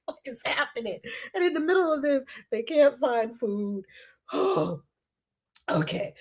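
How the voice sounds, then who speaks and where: A woman's voice: high voice, sing-song, unhurried. A woman hosting casual commentary on scripture, laughing often and sounding incredulous. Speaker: host.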